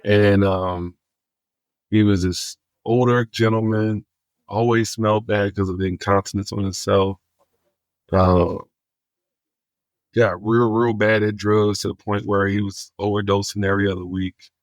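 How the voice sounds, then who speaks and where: A man's voice: fairly low pitch, a little slow, dry recording. A man, a guest in a podcast interview, telling stories and acting out the dialogue in them. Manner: animated storyteller acting out quoted dialogue. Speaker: guest, homelessness outreach worker.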